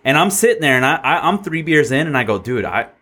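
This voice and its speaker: A man in his thirties from Southern California, co-hosting a casual podcast chat. He rambles through his stories with restarts and quick laughs. His pitch swings freely up and down. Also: animated, pushed and bright. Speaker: podcast co-host.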